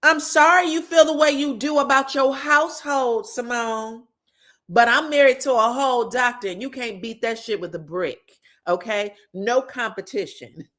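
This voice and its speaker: A woman's voice: on the high side, moderate pace, bright, forceful tone, voice pushed up. Woman putting on a smug, boastful rival. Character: smug woman boasting about her marriage.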